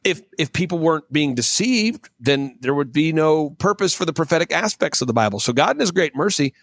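Lively high-voiced man preaching fast. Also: no echo. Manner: preachy, emphatic, repeats words when excited. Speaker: guest commentator. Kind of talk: animated talk-show commentary.

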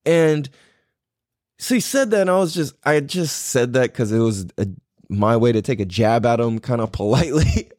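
Male podcast host, casual storytelling, swears a lot, lively swooping pitch, dry close sound. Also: normal speed, dry recording. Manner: profane, slangy, rambling with restarts; animated, voice jumps up when riled.

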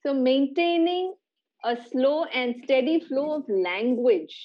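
A woman's voice: high voice, slow, lo-fi sound. A middle-aged woman hosting a podcast, patiently explaining science in casual chat with a child and laughing often. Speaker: podcast host.

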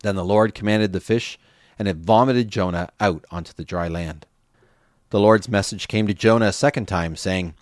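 A man reading scripture aloud in a measured, steady way. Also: lowish voice, no echo, clean studio sound. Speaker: scripture reader.

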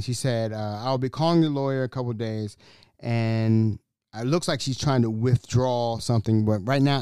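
A man hosting his own podcast, telling a story in a blunt, slangy, animated way. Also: mid-range voice, no room sound, clean studio sound. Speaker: podcast host. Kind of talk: solo podcast monologue.

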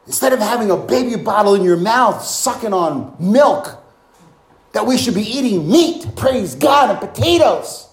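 A man's voice: sits high, animated, measured pace, echoey room, low-quality recording. A man preaching a sermon with bursts of exclamations and rhetorical questions.

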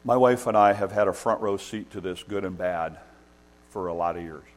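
A man's voice: low-pitched, moderate pace. A man preaching a sermon as pastor, emphatic and repeating key points for stress.

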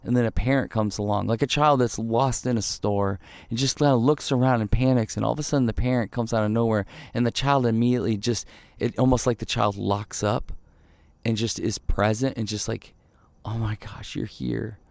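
A man's voice: mid-range voice, steady tone, fairly quick, darkish tone, no room sound. A man preaching a conversational sermon, telling the story with animation and putting rhetorical questions to his listeners.

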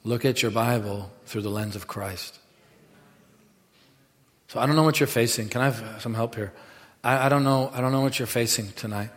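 Man, pastor, preaching sermon, swings from hushed to loud, mid-pitched, long hall reverb. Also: moderate pace, long pauses. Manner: animated preaching that swings from low asides to loud bursts.

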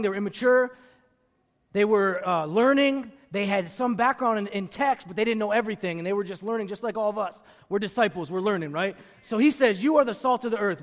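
A man with a high voice preaching a sermon, calling on the congregation to answer back and drumming in his main lines by saying them again and again. His voice rings out with a long reverb, as if he is in a big church sanctuary. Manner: call-and-response with the congregation; emphatic, repeats key phrases. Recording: long reverb of a large room.

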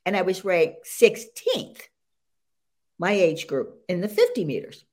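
An older woman, a senior sprinter, telling her story as an interview guest, animated and laughing often as she talks. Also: on the low side, measured pace.

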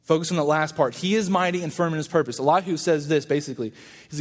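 A man pastor giving a casual, conversational sermon and acting out quoted lines in lively voices. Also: fairly high pitch, fast talker, in a large hall.

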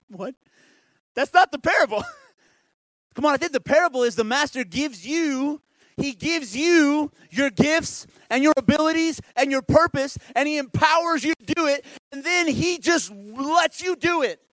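High-voiced lively preacher man. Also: unhurried, dry recording. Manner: lively, conversational, asks the congregation questions. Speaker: pastor. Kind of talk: sermon.

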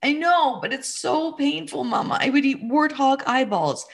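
Woman putting on a high, whimpering young boy, tearful, pleading, repeats himself. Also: lively intonation, normal speed, gravelly.

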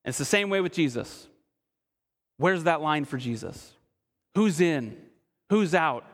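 A man preaching a sermon as pastor, earnest, asking his listeners direct questions and slowing to a hush for emphasis. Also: on the high side, animated, long reverb tail. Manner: slows and drops quiet for emphasis.

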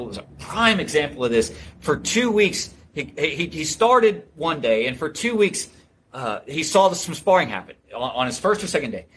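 Earnest, fairly high-voiced male instructor, light room ambience behind. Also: fairly bright tone, a little hiss or hum. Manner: earnest, storytelling, frequent restarts. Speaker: martial arts instructor. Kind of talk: casual interview talk.

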